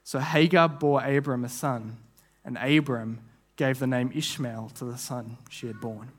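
A man's voice: medium pitch, fairly even intonation. A man giving a sermon as a guest preacher, earnest and often restarting phrases, now and then acting out what people might have said. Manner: acts out imagined voices in quick asides.

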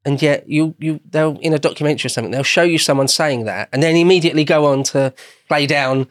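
A man's voice: fairly high pitch, fast, no room sound, studio quality. An Englishman explaining history as a guest in a casual podcast conversation, meandering and often rephrasing himself.

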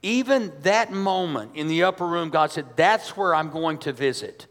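A man's voice: a little high, expressive, normal speed, hardly any pauses, a bit bright. A man, a pastor, preaching a sermon in a church, emphatic and conversational, asking his congregation rhetorical questions. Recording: long hall reverb.

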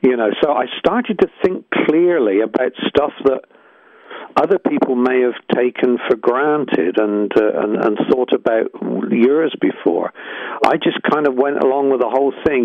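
A man's voice: mid-range voice, normal speed, gravelly, no room sound. A man, a musician telling his story in an interview, hesitant and searching with many restarts. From England. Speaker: musician guest. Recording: tinny phone-like line.

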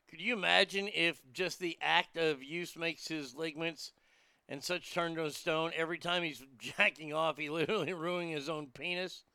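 A man's voice: fairly high pitch, fairly even intonation, moderate pace, sharp tone, clear, resonant tone, no room sound, studio quality. A man riffing crude, mocking jokes in a casual comedic monologue, chuckling at his own lines.

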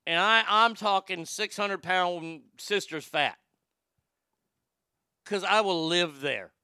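A middle-aged livestream host speaks in a high-pitched, slow, pushed and bright yet smooth voice, recorded clean in the studio with no room sound. Reading from a chat, he rambles casually and profanely in a folksy manner, often restarting his sentences.

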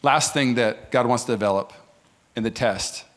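A male pastor preaching a sermon to a church congregation, animated and acting out the voices of the people he quotes. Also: mid-range voice. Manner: animated, acts out quoted voices, quick asides. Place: church service.

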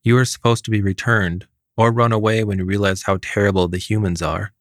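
A small, cruel fairy mother sneers her words out slowly and deliberately, as a man puts her on while reading the tale. Her voice sits low and sounds dry and close. She talks with open contempt. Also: level tone, dry recording, close to an everyday voice. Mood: scornful. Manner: snarling, contemptuous, slow and deliberate.

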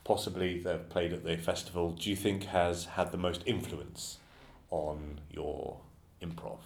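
A man with a very low, deep voice hosts a relaxed podcast. He circles around his questions, pausing and restarting with plenty of ums. The recording has a roomy echo. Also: creaky. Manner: hesitant, rambling questions with many fillers. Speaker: podcast host. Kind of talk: casual podcast interview. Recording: echoey room.

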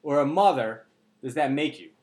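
A man's voice: a little high, lively intonation, moderate pace, a little mellow. A man talking candidly and emotionally on a podcast, blunt and earnest, swearing freely. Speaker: podcast co-host. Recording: roomy echo.

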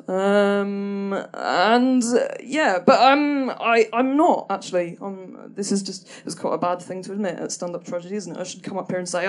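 A woman's voice: medium pitch, normal speed, hardly any pauses. A woman tells a stand-up story in a mid-range voice. She hesitates and restarts a lot, and she is dry and self-deprecating. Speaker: comedian.

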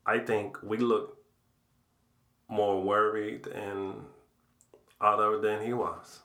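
A man's voice: lowish voice, flat delivery, slow, bright, forceful tone, reverberant. A middle-aged man, a father and podcast guest, speaking earnestly and repeating his points for weight. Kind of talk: casual heartfelt conversation.

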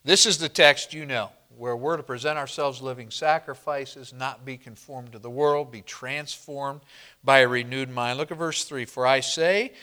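A man preaching a sermon to a congregation, slow and emphatic, often asking the room questions and answering them. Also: mid-range voice, bright, forceful tone. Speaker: pastor.

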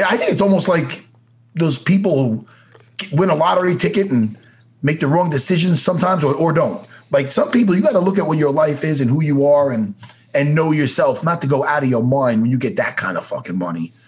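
A man telling stories as a guest in a casual interview, swearing freely and acting out other people's voices. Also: a little high. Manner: animated, swears freely, acts out voices in anecdotes. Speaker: podcast guest. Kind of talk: casual storytelling.

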